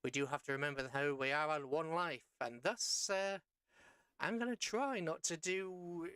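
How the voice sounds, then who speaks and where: A tired man casually commenting as he plays a submarine game live, rambling and correcting himself with playful jumps in pitch. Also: normal speed, bright, forceful tone, clear, resonant tone, dry recording. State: tired after a long rough day. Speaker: streamer playing a submarine game.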